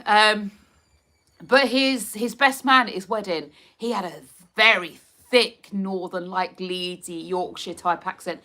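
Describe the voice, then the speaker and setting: A woman's voice: medium pitch, unhurried, sharp tone. A woman with a Hertfordshire accent, chatting casually and giggling as she reads out viewer comments on her live stream. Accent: Hertfordshire English. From Hertfordshire, England. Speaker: livestream host.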